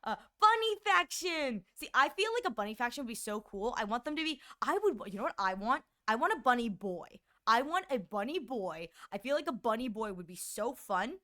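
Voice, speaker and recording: A young woman streams and chats casually with her viewers, rambling and animated, frequently stammering and restarting words. She describes her own voice as shrill. She talks briskly, with hardly any pauses.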